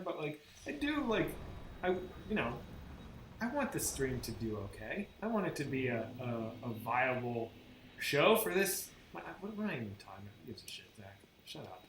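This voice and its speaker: A man's voice: high-pitched, sing-song, moderate pace, a bit bright. Man, casual game-stream chatter, rambling, swears a lot, echoey room, faint hiss. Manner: rambling and profane, with many restarts. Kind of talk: casual live-stream chat while gaming. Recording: roomy sound with faint background noise.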